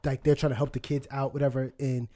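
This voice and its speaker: A man's voice: medium pitch, level tone, fast talker, mellow. A man in his thirties co-hosting a podcast, telling rambling stories with lots of swearing and laughter. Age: 30s. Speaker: podcast co-host. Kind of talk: casual chat.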